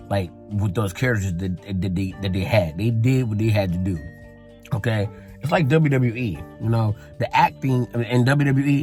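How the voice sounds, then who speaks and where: Animated, blunt man reviewing a film. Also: mid-range voice. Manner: rambling and blunt, swears freely. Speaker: movie reviewer. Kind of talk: casual spoken movie review.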